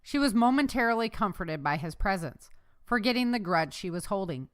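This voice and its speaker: A woman narrating a novel chapter aloud as an audiobook narrator, telling the story in a steady way. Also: medium pitch, fairly quick. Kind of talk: scripted narration.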